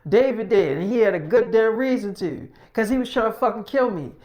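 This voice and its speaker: A woman voicing a hot-headed, ruthless man who rants and curses loudly. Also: fairly high pitch, animated, a little fast, close to an everyday voice. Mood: angry. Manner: cursing, menacing rant.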